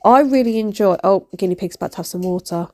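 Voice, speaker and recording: A woman's voice: medium pitch, quick pace. A woman, rambling and poking fun at herself in a cleaning vlog voice-over. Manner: rambling, self-mocking, animated. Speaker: vlogger. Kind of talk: chatty voice-over while cleaning.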